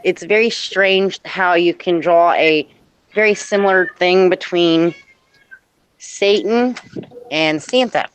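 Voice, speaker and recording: A woman's voice: fairly low pitch, slow pace, smooth, low-quality recording. Chatty woman tripping over her words. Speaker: co-host of a live stream. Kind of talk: casual live-stream chat.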